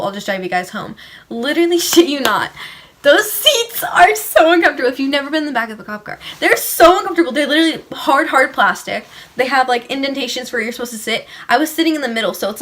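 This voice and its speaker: A woman's voice: mid-range voice, a bit bright. A teenage girl telling a story to her vlog audience in a casual, chatty way, laughing often and saying "like" a lot. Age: teens. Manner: giggly, laughs often mid-sentence; filler-heavy, says "like" a lot. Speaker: vlogger.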